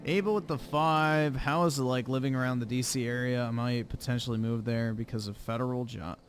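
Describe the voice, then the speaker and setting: A man's voice: medium pitch, flat delivery, fairly quick. A man hosting a livestream, reading viewer donations aloud in casual chat with an offhand, blunt manner and casual swearing. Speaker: livestream host. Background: music playing under the voice.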